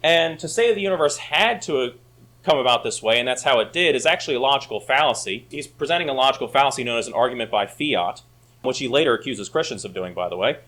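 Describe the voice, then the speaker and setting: Lively emphatic male Sunday school teacher. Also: medium pitch, fast talker. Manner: emphatic, rising to argue points. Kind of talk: church class lecture. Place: church classroom.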